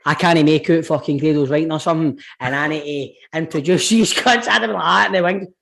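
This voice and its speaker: A man's voice: on the high side, fast, creaky, fairly bright tone. A man with a Scottish accent, co-hosting a podcast, telling a story in casual chat. He swears freely and laughs through his own tales. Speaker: podcast co-host.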